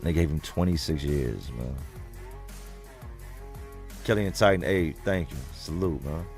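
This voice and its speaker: A man with a low, deep voice tells a story straight to his livestream viewers. He talks bluntly and casually, with plenty of swearing. Soft music plays faintly behind him. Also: animated, measured pace. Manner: blunt, profane, conversational. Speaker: livestream host reading comments.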